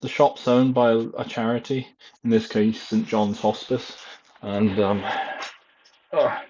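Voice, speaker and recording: The voice is on the low side for this young man, steady, slow and dark in tone, with a little hiss or hum behind it. He's vlogging casually at home over a headset mic, rambling with plenty of fillers and self-deprecating asides, and the dull lo-fi audio clips.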